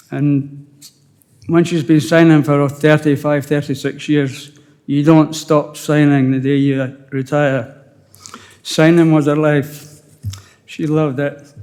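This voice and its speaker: An older man with a Scottish accent, a widower giving a halting, emotional funeral eulogy with touches of dry humour. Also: a little high, little pitch movement, darkish tone, in a large hall. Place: funeral service.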